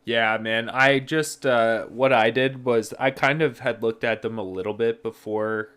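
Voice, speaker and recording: A man streaming a game, talking casually to his viewers in a relaxed, rambling way with lots of fillers. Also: medium pitch, a little slow, clear, resonant tone. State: yawning, sleepy. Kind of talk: casual gaming chat with chat viewers.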